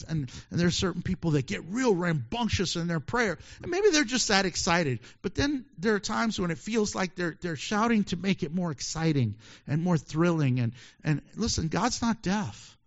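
A pastor preaching a sermon, lively and joking, acting out quoted voices as he reads scripture. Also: sits high, lo-fi sound.

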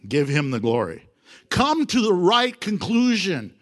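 A middle-aged male pastor delivers a sermon in a high, lively voice that leaps up and down. He preaches with animation, acting out little quotes and breaking into laughs between points. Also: unhurried.

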